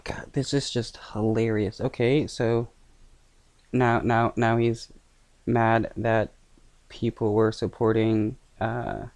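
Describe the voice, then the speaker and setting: A man reacting to a news clip in casual commentary, scoffing and talking haltingly with many fillers and restarts. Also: lowish voice, a little mellow, no echo.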